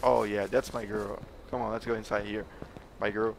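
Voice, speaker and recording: A man from Brazil with a Brazilian accent, a gamer joking his way through gameplay commentary with playful teasing and sudden excited yelps. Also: fairly low pitch, brisk, creaky, slight background noise. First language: Portuguese. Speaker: gamer hosting a let's play channel.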